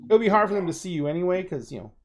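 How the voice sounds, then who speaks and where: A man running a tabletop role-playing game, relaxed and hesitant as he works out the rules aloud. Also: high voice, racing. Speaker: storyteller.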